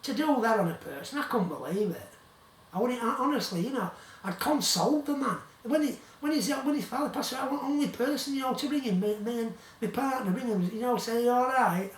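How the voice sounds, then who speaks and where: A man's voice: extremely high pitch, lively intonation, brisk. A man with a Yorkshire accent telling a long rambling story in casual talk, often repeating himself. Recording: roomy, distant from the mic.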